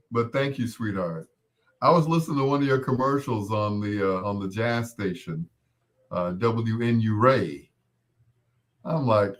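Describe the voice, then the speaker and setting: A man hosting a casual chat, animated and laughing often, calling people affectionate pet names. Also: medium pitch. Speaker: host.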